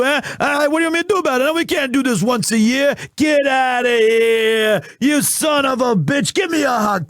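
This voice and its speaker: Guy putting on a super high squawky game cop, shouty, all tough-guy wisecracks eh?, dry close sound. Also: no echo. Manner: shouty, rapid-fire. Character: loud excitable male police detective, bumbling and touchy. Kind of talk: video game voice-acting on a stream.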